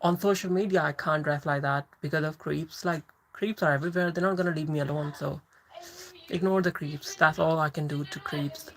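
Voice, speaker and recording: A woman's voice: low voice, fairly even intonation, brisk, slight background noise, low-quality recording. A woman hosting a casual livestream, chatting and laughing as she answers viewer comments. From England. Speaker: livestream host.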